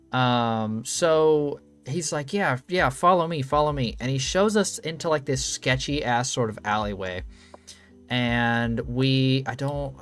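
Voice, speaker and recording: A young man telling a wild story in casual, profane, rambling talk full of fillers and restarts. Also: medium pitch. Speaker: channel host.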